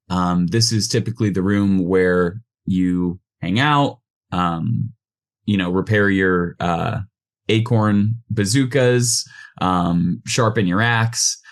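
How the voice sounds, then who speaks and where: A man narrating a tabletop game as game master, relaxed and loose, with frequent ums. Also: fairly low pitch, takes it slowly.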